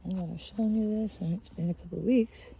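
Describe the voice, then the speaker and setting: A woman filming a casual vlog on a handheld phone as she walks through a forest, speaking softly and often slipping into a whisper. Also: medium pitch, fast, gravelly, breathy edge. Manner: soft-spoken, often whispering. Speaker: vlogger. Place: outdoors in a forest.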